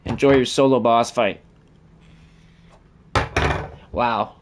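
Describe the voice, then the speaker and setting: A man's voice: medium pitch, normal speed, a little hiss or hum. A man giving profane, trash-talking commentary over his own gameplay as the channel host.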